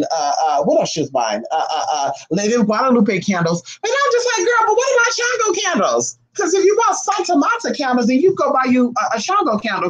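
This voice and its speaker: A spiritual reader chatting live with viewers in a sassy, fast way, calling them honey, with big swings in pitch. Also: a bit bright, rough recording. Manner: talks fast. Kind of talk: live-stream chat with viewers.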